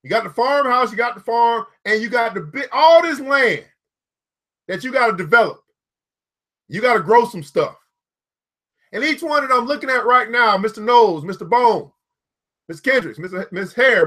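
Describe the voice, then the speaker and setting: A high-pitched man gives a live motivational talk. He is preachy and repetitive and keeps calling out viewers by name. His tone is bright and forceful. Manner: preachy, repetitive, calls out viewers by name, laughs at own jokes. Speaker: founder giving a motivational talk.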